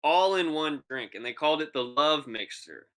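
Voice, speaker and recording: A young man with a bright, clear voice co-hosts a podcast and tells a sprawling story in loose, casual chat. He swears freely and acts out the people in the story as he goes. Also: a little high, moderate pace. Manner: animated, profane, acts out quoted voices. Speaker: podcast co-host.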